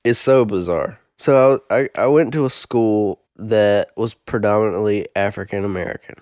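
A man's voice: on the low side, moderate pace, darkish tone, smooth, no room sound, clean studio sound. A young man, a podcast co-host, telling a funny college story in casual chat and laughing often.

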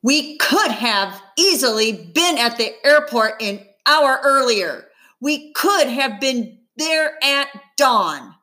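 A woman's voice: medium pitch, animated, takes it slowly. A woman reading the lines of a protective mother who speaks curtly and sharply in an audiobook. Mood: angry. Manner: curt and sharp. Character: upset, protective mother, middle-aged woman.

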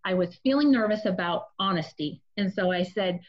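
A woman's voice: medium pitch, moderate pace, few pauses, dull audio. A woman sharing a personal testimony in a casual, confessional storytelling way, speaking directly to her listeners.

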